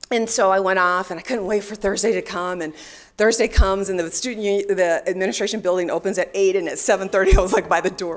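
A middle-aged woman giving a talk to an audience, telling personal stories in a lively way and acting out the voices of the people she quotes. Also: medium pitch, quick pace. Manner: animated storyteller, acts out quoted voices. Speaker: speaker at a leadership event.

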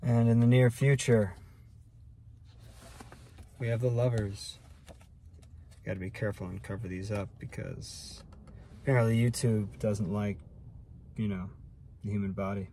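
A man's voice: on the low side, a little slow, pauses often, slight background noise. Musing man giving a tarot reading. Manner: relaxed, musing, talks to spirit while drawing cards. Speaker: tarot reader. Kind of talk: daily tarot reading to camera.

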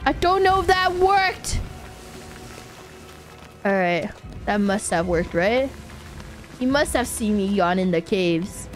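A woman streamer talking casually over gameplay, often laughing and yelling at the game. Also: medium pitch, big pitch swings, slow pace, pauses often, faint music behind.

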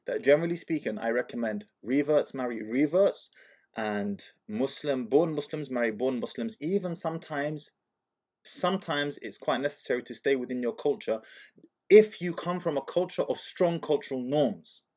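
Male host, casual commentary, animated storytelling, rhetorical questions. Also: mid-range voice, normal speed. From Algeria.

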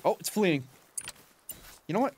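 Young guy rambling thru a hunting game, kinda high voice, bouncy up and down, laughs a lot. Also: measured pace, husky. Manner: chatty, animated, talks to his in-game dog, laughs often. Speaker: gaming channel host. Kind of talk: casual gameplay commentary.

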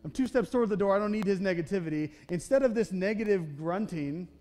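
A young man delivers a sermon in a church with a high-pitched voice. He talks in a conversational, self-deprecating way, often checking in with the congregation. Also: expressive, quick pace, a little mellow. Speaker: pastor. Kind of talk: sermon with personal storytelling. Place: church sanctuary.

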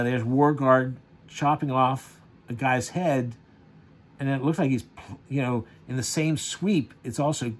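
A man's voice: medium pitch, slight background noise. A man casually reviewing a comic, rambling with many fillers and chuckles.

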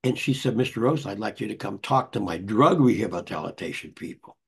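A man's voice: lowish voice, lively intonation, brisk, vocal fry, breathy edge. An older man, an author, telling anecdotes in a rambling conversational way with many restarts. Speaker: author and guest. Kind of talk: conversational storytelling.

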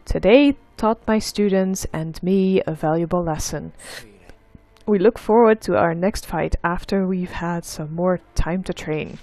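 A woman reading the lines of a composed rival martial arts teacher in a game, in a near-normal voice that sits a little lower. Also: a little slow, dark tone, no room sound, soft background music. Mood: calm.

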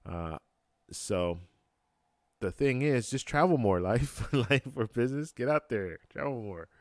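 A man hosts a travel live stream from a home room where a computer fan hums, chatting casually and answering comments. His mid-range voice is recorded dry on a close-up mic, and he sounds relaxed and halting, with many fillers and restarts, laughing easily.

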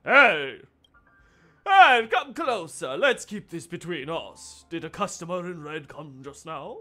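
A man voicing a jealous, pompous male bar customer in a game with a put-on accent, haughty and quick to flare up. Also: fairly high pitch, very animated, sharp tone, faint music behind, pitched above the performer's own voice, exaggerated voice. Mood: conspiratorial. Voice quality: gravelly, breathy put-on accent.

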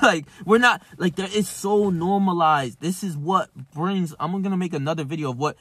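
Give me a young man preaching hard in a casual vlog, emphatic and profane, with a high-ish voice. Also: moderate pace, few pauses, fairly bright tone, dry recording, studio quality. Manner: profane, emphatic, preachy, calls listener bro. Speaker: self-improvement vlogger. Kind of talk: casual motivational rant to camera.

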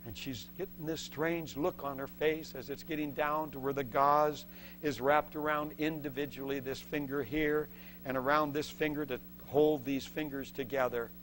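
A man preaching a sermon as a testimony, telling a story with lively acted-out voices and laughs between points. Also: medium pitch, moderate pace, a little hiss or hum. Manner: acts out voices in the story and shouts the excited parts.

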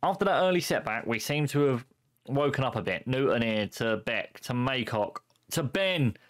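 A man's voice: mid-range voice, normal speed. A young man commentating a football management game on stream in a playful way, chuckling often and cracking puns. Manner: chuckling, punning, excitable.

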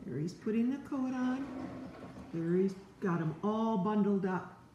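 An older woman reading a children's chapter book aloud, with gentle, chatty asides to young listeners. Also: mid-range voice, a little slow, highs cut off, slight background noise. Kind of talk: read-aloud storytelling for kids. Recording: roomy echo.

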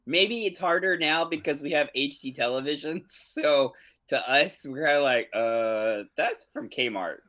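A man co-hosting a comedy podcast, playful and chatty and quick to laugh. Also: on the high side, lively intonation, bright, forceful tone. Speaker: podcast co-host. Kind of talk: casual comedic chat.

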